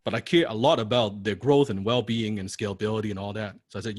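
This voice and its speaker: Blunt, cursing male coach, lower voice. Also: fast talker, no room sound. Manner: blunt, profane, keeps asking "right?"; repeats key lines for emphasis. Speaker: copywriting coach. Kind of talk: live online coaching class.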